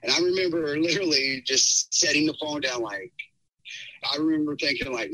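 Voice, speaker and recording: A middle-aged man telling a personal story in a casual podcast chat, rambling and animated, with many fillers. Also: on the high side, fairly quick, low-quality recording. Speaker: podcast guest.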